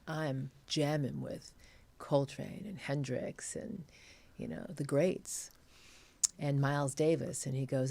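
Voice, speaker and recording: A middle-aged woman being interviewed, telling stories with energy and acting out what others said. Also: low-pitched. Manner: animated storyteller, acts out quotes. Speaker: interview guest. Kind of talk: casual interview chat.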